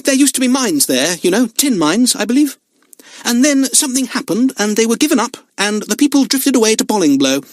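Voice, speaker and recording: Miss Edie Lotz, a man doing a harsh loud woman. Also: very high-pitched, big pitch swings, brisk, dry recording, pitched above the performer's own voice. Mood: flustered. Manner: ominous, insistent warnings. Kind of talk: audiobook character voice.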